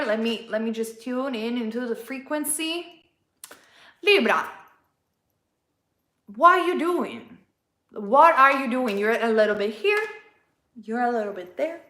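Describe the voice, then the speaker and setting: Expressive woman, reading tarot casually; sharp bright tone, roomy echo. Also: on the high side. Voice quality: non-native English. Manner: chatty and expressive, playful asides. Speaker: tarot reader.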